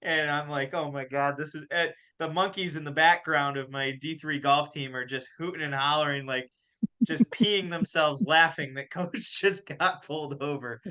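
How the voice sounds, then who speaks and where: A young man hosting a hockey podcast, telling a story in a casual, animated way and laughing as he goes. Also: fairly high pitch, moderate pace, smooth. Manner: animated, laughs through his stories. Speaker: podcast host and college golf coach.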